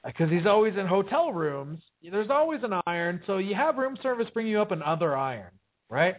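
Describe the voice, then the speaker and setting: High-pitched and sing-song, this podcast host talks briskly while running a casual chat show. Expect blunt, profane rambling loaded with fillers, captured with a tinny quality resembling a phone line.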